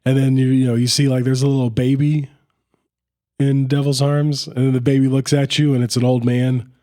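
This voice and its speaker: A man co-hosting a casual film podcast in a mid-pitched voice. He is laid-back, rambles and fills his sentences with "like.". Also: flat delivery, moderate pace, warm tone. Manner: laid-back, rambling, uses lots of fillers. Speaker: podcast co-host.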